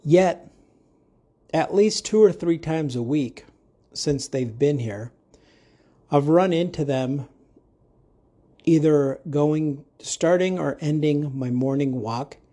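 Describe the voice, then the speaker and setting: A man's voice: a little high, slow pace, pauses often, mellow. A man hosting a podcast, talking in a casual monologue with jokey, rambling asides. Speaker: podcast host.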